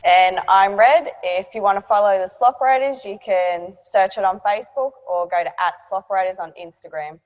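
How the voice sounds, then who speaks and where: A woman's voice: mid-range voice, moderate pace, few pauses, poor audio. A woman co-hosting a casual podcast chat, chipping in with short, laid-back remarks. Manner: brief, laid-back interjections. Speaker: co-host.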